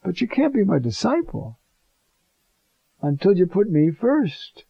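Gravelly man giving a casual homily. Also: sits high, wildly swooping pitch, a little slow, dry recording, muffled recording. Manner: conversational, digressive, many fillers and asides. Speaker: priest. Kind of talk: informal homily on scripture.

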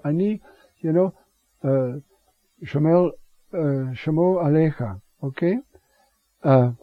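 A man's voice: a little high, no room sound. A man preaching on scripture, digressive, with rhetorical asides and Hebrew words. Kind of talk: scripture teaching sermon. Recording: dull lo-fi recording.

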